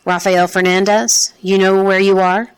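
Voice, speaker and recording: A woman voicing a tired, sweaty male police interrogator who questions slowly and coaxingly. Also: medium pitch, level tone, clean tone, close to an everyday voice. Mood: menacing. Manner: slow, weary, coaxing questions.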